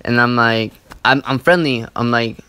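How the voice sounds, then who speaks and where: A young gaming channel host spins a loose, rambling story over gameplay, swearing often and filling gaps with "like" and "you know." His mid-range voice is smooth with a sharp tone, and he speaks at normal speed in a dry recording.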